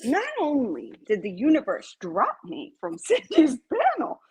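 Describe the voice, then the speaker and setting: A woman co-hosting a livestream in casual chat, a lively storyteller who laughs often. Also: sits high, measured pace, poor audio. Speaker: livestream co-host.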